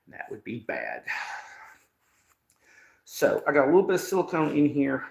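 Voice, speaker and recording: Guy talking shop on a live stream, kinda high voice, far off the mic in a noisy echoey garage. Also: wildly swooping pitch, normal speed, vocal fry. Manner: folksy, mutters to himself while working. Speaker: host. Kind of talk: casual live-stream chat while working.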